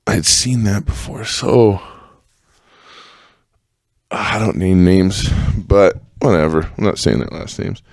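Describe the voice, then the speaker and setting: Deep-voiced man, rambling and profane. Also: slow, vocal fry, pauses often, no room sound, studio quality. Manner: profane, rambling, full of fillers and self-corrections. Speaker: podcast host. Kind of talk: casual storytelling monologue.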